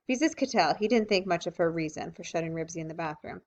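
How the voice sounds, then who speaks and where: A woman reading a children's book aloud, with expressive, lively storytelling. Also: lowish voice, fast, few pauses. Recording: dull lo-fi recording.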